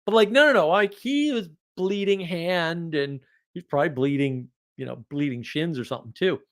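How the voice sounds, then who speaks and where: A man with a fairly high voice tells a story in a loose, chatty monologue. He is animated and breaks into laughter now and then, with lots of fillers and restarts. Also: normal speed. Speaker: host.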